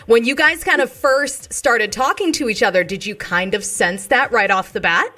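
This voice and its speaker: A woman's voice: a little high, moderate pace, pushed and bright. A woman hosting a radio interview, asking questions in a bubbly way and laughing often. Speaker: radio host.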